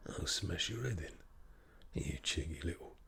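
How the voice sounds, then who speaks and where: A man's voice: low-pitched, lively intonation, moderate pace, gravelly, bright, forceful tone, slightly rough, heavily acted. A man putting on a Cockney accent to play a threatening London tough guy, in whispered role-play. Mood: menacing. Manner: threatening and blunt.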